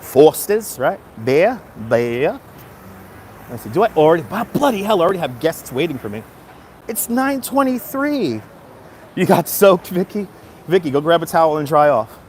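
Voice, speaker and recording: A chatty, upbeat man talks into his phone while walking outdoors on a city street. His voice sits a little high, and he cheers on his viewers by name. Faint traffic hums behind him. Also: very animated, normal speed, a little mellow. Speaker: live streamer. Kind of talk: casual live-stream chat.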